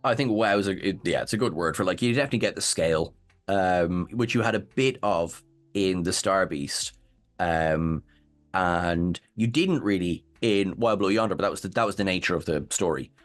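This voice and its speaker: A man with an Irish accent co-hosting a casual TV discussion, animated and given to halting restarts. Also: low voice, faint music behind. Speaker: co-host.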